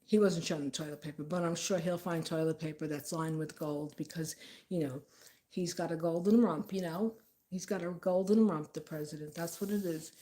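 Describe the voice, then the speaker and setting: A woman's voice: low voice, fairly even intonation, a little fast, warm tone. Rambling indignant New woman. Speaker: vlogger. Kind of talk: casual storytelling.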